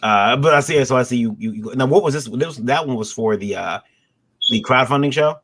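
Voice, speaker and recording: Male guest on a remote call, mid pitch, halting and full of fillers. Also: fairly bright tone. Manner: hesitant, many fillers and restarts, laughs easily. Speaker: guest, fellow show host. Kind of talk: casual panel chat.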